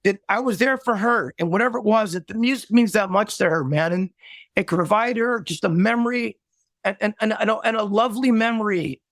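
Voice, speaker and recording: Man, musician guest, high voice, choked up, earnest, dry close sound. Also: a bit bright, no room sound. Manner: earnest, halting with many restarts. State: choked up, near tears. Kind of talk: emotional interview storytelling.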